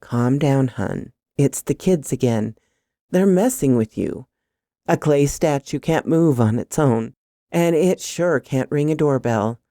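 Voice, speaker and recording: Lady doing a chill reassuring boyfriend, low and slow, soothing. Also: wildly swooping pitch, gravelly, warm tone, no room sound, studio quality, heavily acted. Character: calm, reassuring young boyfriend.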